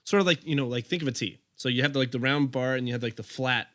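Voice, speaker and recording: A man narrates a history story for his podcast friends in a loose, casual way, laughing and stumbling over his notes. His voice sits at an ordinary middle pitch, recorded close and dry. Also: fast talker, fairly bright tone, no echo. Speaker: podcast host telling the story.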